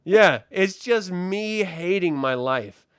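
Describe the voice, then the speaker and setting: A man's voice: high-pitched, animated, slow pace, fairly bright tone, smooth, no echo, clean studio sound. A man co-hosting a casual podcast, sarcastic and profane, often slipping into mocking voices. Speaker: podcast co-host. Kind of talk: casual chat.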